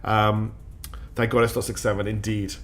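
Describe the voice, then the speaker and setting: A man's voice: fairly low pitch, little pitch movement, normal speed, fairly bright tone, a little hiss or hum. A very tired man streaming a strategy game, chatting casually and rambling with lots of fillers and self-mocking asides. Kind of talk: casual gameplay commentary.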